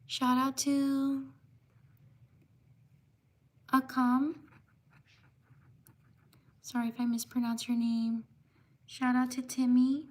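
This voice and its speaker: A woman hosting a craft livestream, steadily giving shout-outs to viewers in the chat and apologizing when she mispronounces their names. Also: high voice, level tone, slow pace, pauses often. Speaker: livestream host.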